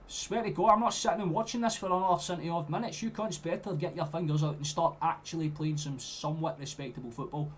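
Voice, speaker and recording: Young scottish guy doing a footy watchalong, sweary, blows up loud at bad play, slight background noise. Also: on the high side, fast talker, few pauses. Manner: swears freely, flares into loud outbursts at play. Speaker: streamer doing a football watchalong. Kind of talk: live match commentary to chat.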